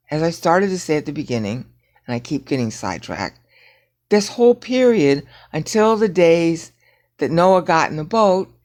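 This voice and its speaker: A woman teaching Bible prophecy in a rambling screen-share lecture, often checking in with "okay?" and grumbling at her software. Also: low voice. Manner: digressive, frequent "okay?" checks, irritated asides at software.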